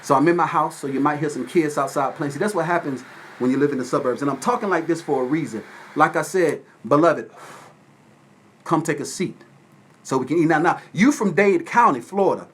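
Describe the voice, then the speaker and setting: A man from Atlanta, Georgia, hosting a casual livestream from his phone at home and shouting out viewers by name. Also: fairly high pitch, brisk, slight background noise. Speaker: livestream host. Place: at home with windows open.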